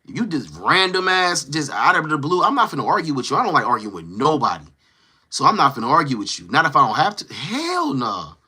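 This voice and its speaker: A man hosting a casual livestream, talking to his chat in a slangy, animated way and acting out quoted lines. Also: fairly high pitch, fairly quick, breathy edge. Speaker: livestream host. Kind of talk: casual livestream chat, reading viewer comments.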